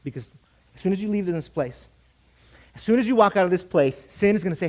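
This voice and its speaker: A young pastor with a high, light man's voice, preaching to his congregation. He swells to emphatic, declarative peaks and calls on the room to repeat lines after him. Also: lively intonation, fairly quick, long pauses, darkish tone. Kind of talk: sermon.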